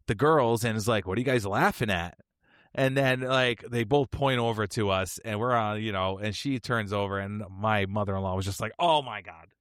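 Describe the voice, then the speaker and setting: A man hosting a podcast, telling a funny personal story in a casual, animated way and laughing often. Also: fairly low pitch, smooth, no room sound, studio quality. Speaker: podcast host.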